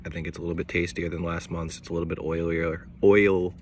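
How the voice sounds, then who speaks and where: A man's voice: low voice, monotone, fast, slight background noise. A man giving a casual, laid-back video review who repeats words and swears offhandedly. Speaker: cigar reviewer.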